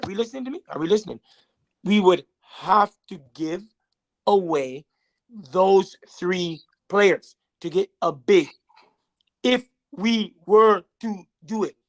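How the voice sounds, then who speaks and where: A young man holds his ground in a sports podcast argument, defensive and often tripping over his words. His voice sits fairly high for a man. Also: slow pace. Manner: defensive, stammering restarts. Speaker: podcast co-host. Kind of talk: heated sports debate.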